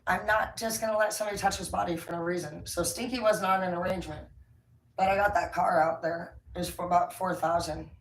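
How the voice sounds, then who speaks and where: A woman's voice: fairly low pitch, steady tone, brisk. A woman talks her way through a casual tarot reading in a blunt, rambling, emphatic manner. She sits back from the microphone in a roomy, echoing space, with a faint background hum underneath. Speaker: tarot reader. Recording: roomy, distant from the mic, faint ambience.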